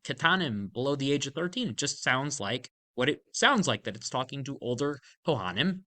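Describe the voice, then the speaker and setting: Torah teacher, bright edge to the voice, lively pitch that swings high on the points, emphatic and explanatory. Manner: emphatic, animated explaining, casual fillers. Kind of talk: Torah lesson explaining a verse.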